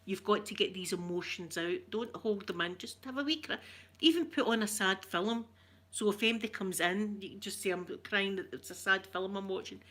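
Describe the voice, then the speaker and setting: A woman's voice: medium pitch, normal speed, fairly bright tone. A middle-aged woman with a Scottish accent chatting casually with her live viewers, rambling, laughing often and greeting them by name. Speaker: ASMR livestreamer reading viewer comments.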